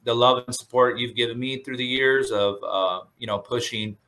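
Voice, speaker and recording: A man's voice: mid-range voice, normal speed, bright, forceful tone. A man who works as a surf instructor, speaking earnestly and gratefully in a casual interview, with many fillers and restarts. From Southern California.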